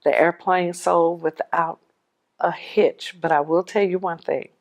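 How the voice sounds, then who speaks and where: Middle-aged woman, lower voice, widow giving personal testimony, lively storyteller who acts out the dialogue. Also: measured pace. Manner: animated storyteller acting out dialogue. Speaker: widow sharing her story.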